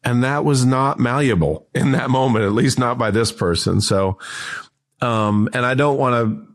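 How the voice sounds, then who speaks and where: A man in his fifties, a guest on an interview, telling anecdotes in a lively, restart-heavy way. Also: medium pitch, normal speed. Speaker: guest, entrepreneur and author. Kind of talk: casual interview storytelling.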